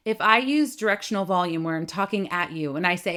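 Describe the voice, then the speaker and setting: Speaking briskly in a lowish voice, a middle-aged female voice coach delivers a lively talk to camera. She frequently asks "right?" and shows vocal shifts while explaining them.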